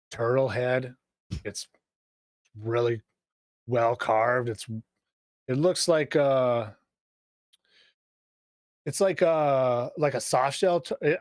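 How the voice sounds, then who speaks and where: Guy running a tabletop game, talks slow, lots of ums and restarts, dry close sound. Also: medium pitch, no echo. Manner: hesitant, lots of fillers and restarts. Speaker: game master.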